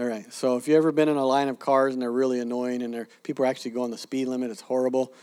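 A man teaching a church audience sermon-style, telling stories and acting out the people he quotes. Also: mid-range voice. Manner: animated storyteller, acts out quoted people. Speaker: preacher teaching evangelism.

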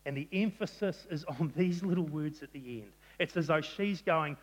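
Preacher in a reverberant hall. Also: male voice, fairly high pitch, normal speed, few pauses. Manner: animated storytelling, acting out quotes. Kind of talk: sermon. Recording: long reverb of a large hall.

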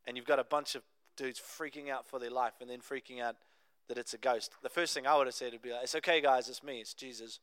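A young adult man preaching a sermon, telling a Bible story in a conversational, animated way with casual asides. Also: medium pitch, fast talker, hardly any pauses, smooth, dry recording. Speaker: pastor.

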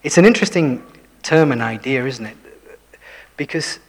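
A man preaching a sermon, dropping to hushed whispers for emphasis and putting questions to his listeners. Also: medium pitch, animated, moderate pace. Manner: shifts between full voice and hushed whispers for emphasis; self-deprecating, asks the listeners questions. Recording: long hall reverb.

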